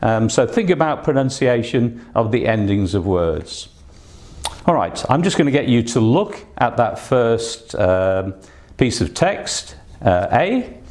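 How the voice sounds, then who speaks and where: A man's medium-pitched, darkish voice swings widely in pitch and moves at a slow pace. As an English test teacher leading an online exam-prep lesson, he's patient and instructive, using plenty of "uh" and "um" fillers between points.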